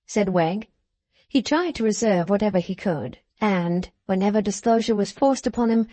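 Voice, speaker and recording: A woman narrating a classic novel in a measured, even storytelling voice, recorded at a close mic. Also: mid-range voice, no room sound. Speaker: audiobook narrator.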